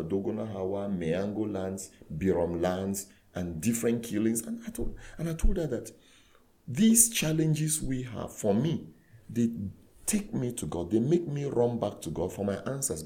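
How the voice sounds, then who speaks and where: A man, a clergyman guest, telling a story in conversation with earnest, animated retelling that acts out dialogue. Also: on the low side, normal speed. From Nigeria.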